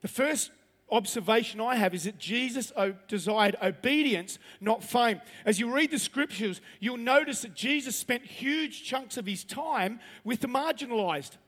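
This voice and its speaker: High-voiced preacher in a big hall. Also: male voice, expressive, normal speed, fairly bright tone. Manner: chatty and humorous, asks the audience questions. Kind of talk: conversational sermon. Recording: long reverb of a large hall.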